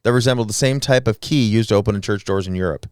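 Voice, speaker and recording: A young man co-hosting a podcast, easygoing and quick to laugh, sometimes reading facts aloud. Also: fairly low pitch, clean tone, dry recording, clean studio sound. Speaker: podcast co-host. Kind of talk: casual chat.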